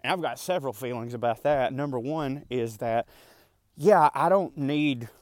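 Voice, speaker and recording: A man's voice: mid-range voice, normal speed, a little mellow, no room sound, clean studio sound. Winded man ranting on a jog. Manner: rambling, conversational, frequent fillers and asides. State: slightly out of breath from running. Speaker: podcast host. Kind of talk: casual ranting monologue. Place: outdoors in a park, jogging.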